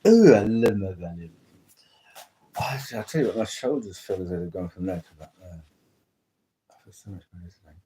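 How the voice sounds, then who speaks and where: A man's voice: sits low, sing-song, fairly quick, pauses often, dark tone, a little hiss or hum, rough recording. A man chatting casually through a tarot reading, rambling and interrupting himself often. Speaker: tarot reader.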